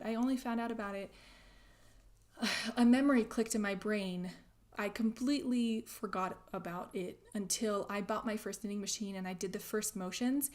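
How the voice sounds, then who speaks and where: A young woman hosting a crafting livestream, chatting casually while reading viewer comments, laughing often and trailing into soft asides. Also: mid-range voice. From grew up speaking German at home in the US. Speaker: crafting channel host.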